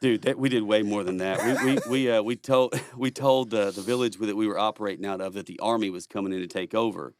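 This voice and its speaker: Talking fast with few pauses, a middle-aged former Marine swaps war stories as a podcast guest in a relaxed storytelling chat. His lowish voice keeps fairly even intonation as he rambles, curses and laughs often, with background noise behind him.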